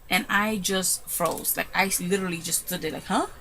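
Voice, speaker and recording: A woman crafting vlogger telling a story in a casual, excitable way, recorded in her room at home. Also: fairly low pitch, moderate pace, a little hiss or hum, rough recording. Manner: chatty, excitable, retells with quoted asides.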